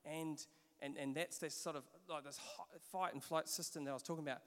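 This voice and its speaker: A man in his forties with a New Zealand accent, preaching a sermon and telling stories in an animated way, with repeated restarts. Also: on the high side, fairly quick, clean tone. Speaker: pastor. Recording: long hall reverb.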